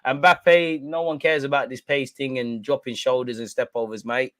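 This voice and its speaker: A London man in his twenties hosts a live football watchalong in a mid-range voice at a normal speed, with no echo. He commentates on the match and trades banter, telling animated stories packed with London slang.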